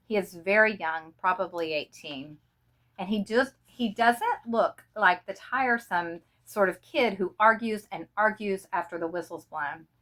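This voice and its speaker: A woman reading a short story aloud in an expressive, dramatic way. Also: medium pitch, unhurried. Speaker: reader.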